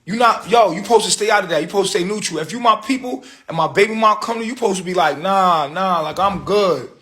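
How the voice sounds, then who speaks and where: A man's voice: sits high, fast talker, a bit bright. A man hosting a livestream, telling a story in a heated, profane rant full of street slang. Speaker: livestream host.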